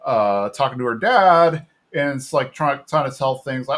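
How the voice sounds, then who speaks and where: A man's voice: mid-range voice, expressive, normal speed, few pauses, a bit bright. Casual man recapping with quoted voices. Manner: rambling recap, quotes characters in raised voice. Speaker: podcast co-host.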